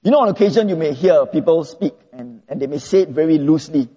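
A man preaching an expository sermon, earnest and measured, slowing down when he reads scripture. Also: a little high, expressive, warm tone, husky, long reverb tail, dull audio.

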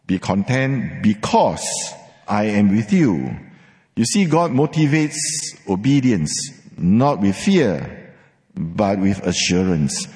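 A man's voice: mid-range voice, a little mellow. A man preaching a sermon, emphatic, repeating words for stress, with some fillers. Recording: long hall reverb.

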